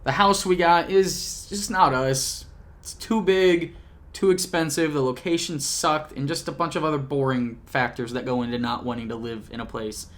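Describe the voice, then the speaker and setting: A man's voice: on the high side, fairly even intonation, moderate pace, fairly bright tone. Rambling young man vlogging at home. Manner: rambling, self-interrupting, jokey. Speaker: YouTuber. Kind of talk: casual vlog recap. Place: home apartment. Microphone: camcorder.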